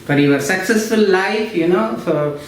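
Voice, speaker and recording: An English teacher with a high-sitting, expressive voice gives an explanatory lesson in lecture style at a measured pace. He repeats himself, restarts phrases and uses frequent fillers, in a very echoey room with faint noise.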